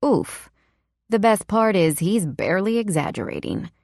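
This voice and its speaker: A woman narrating a romance novel in the first person, with an intimate, hushed delivery. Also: mid-range voice, very animated, normal speed, no room sound, clean studio sound. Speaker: audiobook narrator.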